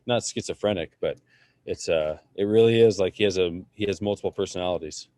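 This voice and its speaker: Deep-ish male co-host, thoughtful and halting, bone-dry mic. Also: mellow, no room sound. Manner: halting, reflective, many fillers. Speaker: podcast co-host. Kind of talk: casual chat.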